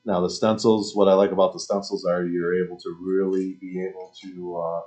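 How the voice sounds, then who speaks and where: A middle-aged man with a very low voice co-hosts a live craft demo. He speaks haltingly, asks about prices and products, and pads his lines with uh's. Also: little pitch movement, darkish tone. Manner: halting, asks questions, uh fillers. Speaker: craft shop co-host.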